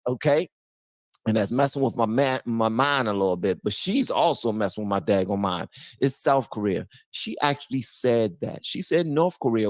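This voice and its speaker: A man hosting reaction commentary, exasperated and mocking, swinging from loud outbursts to low mutters. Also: expressive, normal speed, dry recording. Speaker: commentary host.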